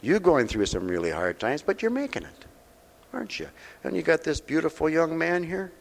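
A man preaching at a mission with a slightly high voice that rings out in a hall with a long echo. He talks in a folksy, direct way, asking his listeners questions, and moves between loud preaching and soft, close talk. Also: very animated, moderate pace, creaky. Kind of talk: sermon.

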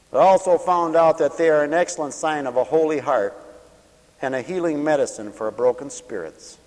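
Impassioned high-voiced preacher in a hall. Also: male voice. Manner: impassioned preaching, swelling loud on scripture and dropping to quiet storytelling. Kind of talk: radio sermon. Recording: long hall reverb.

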